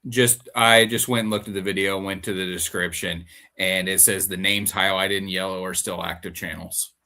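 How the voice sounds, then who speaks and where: A man with a low yet bright, forceful voice on a casual podcast. He keeps his remarks short and matter-of-fact. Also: steady tone, moderate pace. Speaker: podcast co-host. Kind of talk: casual chat.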